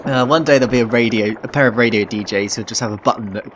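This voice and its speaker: A man's voice: medium pitch, fast, fairly bright tone, a little hiss or hum. A young man co-hosting a podcast, wry and self-mocking, laughing often. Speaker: podcast co-host. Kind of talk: casual comedic chat.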